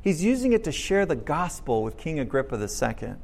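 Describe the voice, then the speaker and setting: A man's voice: on the high side, very animated, a little fast, creaky, a little mellow. A man preaching a sermon, reading scripture aloud with emphasis and explaining it to his congregation. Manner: explains to the congregation with some restarts. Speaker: pastor.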